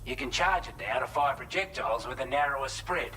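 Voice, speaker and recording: A man's voice: mid-range voice, lively intonation, fairly quick, bright, forceful tone, a little hiss or hum, low-quality recording. An actor playing a friendly male shelter technician with an Australian accent, briefing a courier in video game dialogue. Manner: upbeat, matter-of-fact briefing.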